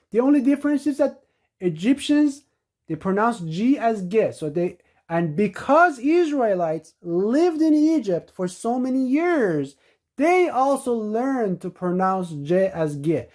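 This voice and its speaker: A woman teaching scripture in an emphatic way, reading verses aloud and slowing down to stress key words. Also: mid-range voice, mellow. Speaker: religious teacher.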